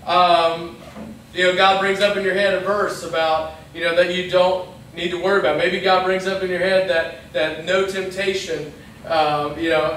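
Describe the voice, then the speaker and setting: A man preaches in a relaxed, talky way, now and then voicing short imagined lines. His voice sits high for a man. The sound is very roomy and echoey, picked up from a distance in a church hall with a faint hiss underneath. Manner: conversational, acts out little quoted lines. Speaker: pastor. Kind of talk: casual youth sermon.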